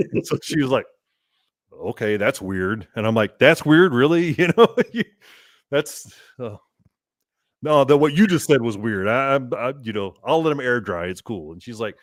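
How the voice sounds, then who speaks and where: A man with a lowish voice tells a story on a podcast in a casual, animated way. He laughs often and acts out both sides of the exchanges. The recording is dry and close to the mic. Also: no room sound. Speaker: podcast guest.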